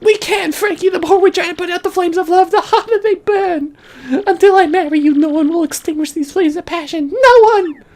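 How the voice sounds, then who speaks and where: A woman's voice: very high-pitched, fairly quick, darkish tone, pitched above the performer's own voice. A woman voicing a dramatic, lovesick young runaway woman in a video game, melodramatic and gushing.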